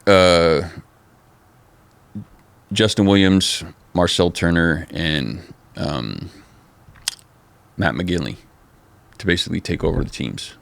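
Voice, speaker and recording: A middle-aged man telling stories in a casual interview, animated and profane, full of "dude" and "man.". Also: sits low, takes it slowly, creaky, long pauses, no echo. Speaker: interview guest, former skateboard company manager.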